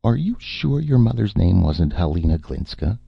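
A man's voice: deep voice, big pitch swings, normal speed, vocal fry, slightly rough, dry recording, pitched above the performer's own voice, exaggerated voice. A man voicing a worried, mournful male robot in a spoken story, his voice raised above his own. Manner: mournful, fretful. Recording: dull lo-fi, dry.

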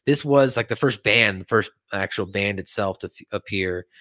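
A man hosting a casual podcast, recapping an episode and reading its lines aloud in a raised, animated voice, with faint music underneath. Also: on the low side, normal speed, no echo. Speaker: podcast host.

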